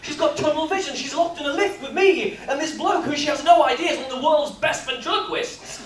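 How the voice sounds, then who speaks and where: A man, speaking at a business workshop and telling stories in a lively, jokey way. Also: very high-pitched, fairly quick. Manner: lively storyteller, jokey and animated. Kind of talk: live workshop talk with comic storytelling. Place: expo hall. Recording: echoey hall, mic from far off.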